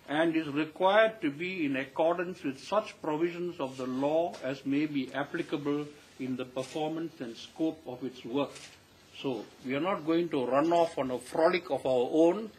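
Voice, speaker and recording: A man's voice: fairly high pitch, a little hiss or hum, poor audio. Emphatic older Malaysian man at a press briefing. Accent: Malaysian English. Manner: measured, emphatic, repeats key points. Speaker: panel member addressing the press. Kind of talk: press statement.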